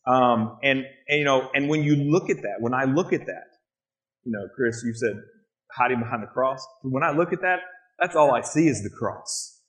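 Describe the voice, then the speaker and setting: A man with a voice of ordinary pitch speaks earnestly about his missionary work. He tells animated stories to an interviewer, building up his points as he goes. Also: moderate pace, low-quality recording.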